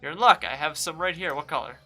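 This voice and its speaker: A dry, plain-spoken farmer, read out by a man. The voice is bright and a touch high, with faint game music underneath. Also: fast. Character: matter-of-fact male farmer.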